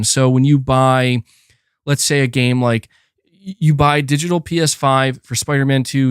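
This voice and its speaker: With a clear, resonant mid-range voice and no echo, a man hosts a casual gaming stream, talking near his desk mic. His easygoing chat often breaks off as he coaxes his cat.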